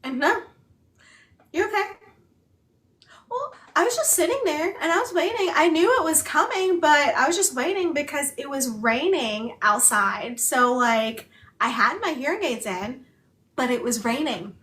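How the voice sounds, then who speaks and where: A woman's voice: high-pitched, expressive, normal speed, fairly bright tone. A woman co-hosting a book club, chatting casually in a rambling way full of filler words while she also signs. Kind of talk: casual chat.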